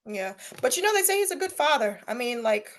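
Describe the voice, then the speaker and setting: A young woman with a fairly high voice co-hosts a gossip podcast. She talks casually and animatedly, breaking into laughter and mocking impressions. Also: big pitch swings, fairly quick. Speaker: podcast co-host.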